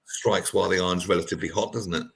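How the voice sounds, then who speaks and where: A man's voice: low voice, fairly even intonation, fast talker, vocal fry, a little hiss or hum. A man hosting a radio talk show, chatty and jokey, often tagging "right?" onto his sentences. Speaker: radio host. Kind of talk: casual radio chat.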